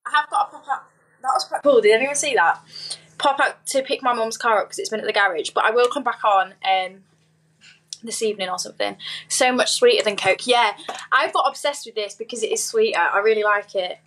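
A woman's voice: fairly high pitch, a little fast, fairly bright tone. A young woman with a Yorkshire accent, chatting casually on a livestream, reading viewer comments and giggling often. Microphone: phone.

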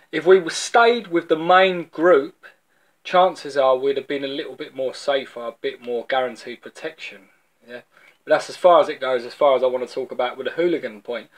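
A man from London with a London accent, giving an informal video sermon as a preacher, telling stories in a loose, conversational way and often repeating words as he restarts. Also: mid-range voice.

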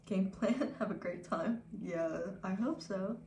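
A woman's voice: mid-range voice, takes it slowly, warm tone, a little hiss or hum. Casual, cursing young woman streamer. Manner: laid-back and profane, drifting into whispers. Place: home room. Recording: echoey room with faint ambience.

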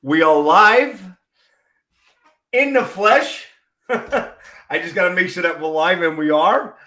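High-voiced joking male host. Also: takes it slowly, pushed and bright. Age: middle-aged. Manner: jokey, laughs often, teasing banter. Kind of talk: casual interview chat.

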